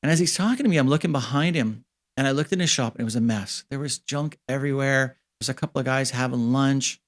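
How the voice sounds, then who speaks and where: A man in his fifties from Canada with a voice of ordinary, middle pitch, talking as an interview guest. He tells long stories in a relaxed, chatty way and slips into the voices of the people he quotes, and his pitch jumps up when he acts out their lines. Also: fast. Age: 50s. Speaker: interview guest, special effects supervisor. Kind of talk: casual interview storytelling.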